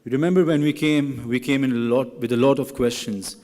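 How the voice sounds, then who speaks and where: Young guy giving a grad speech, earnest and jokey, mid-pitched voice, long echo from a big hall. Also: fairly even intonation, a little fast, a little mellow. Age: young adult. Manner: earnest, then playfully teasing classmates. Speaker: graduating student speaker. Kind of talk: humorous ceremony speech. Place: large hall at an awards ceremony. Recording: reverberant hall.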